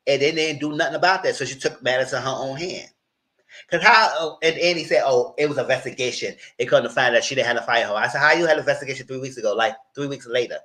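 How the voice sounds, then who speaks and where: A man in a live chat recapping a reality TV show, talking in an animated, outspoken way with lots of slang. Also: mid-range voice, fast, poor audio. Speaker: reality TV commentator.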